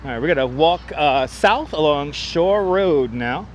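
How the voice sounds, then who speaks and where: Higher-voiced new guy livestreaming on a walk, clip mic, faint traffic hum behind. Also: animated, moderate pace, few pauses. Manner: chatty, thanks viewers, jokey asides. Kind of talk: casual live vlog chat. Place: city streets outdoors. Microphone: wireless clip-on mic. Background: traffic and city ambience.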